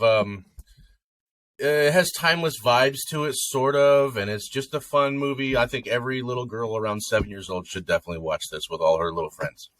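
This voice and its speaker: A man co-hosting a podcast chats casually about movies, rambling with plenty of fillers and breaking into sung snippets. His voice is medium-pitched and a bit bright, and the recording is dry.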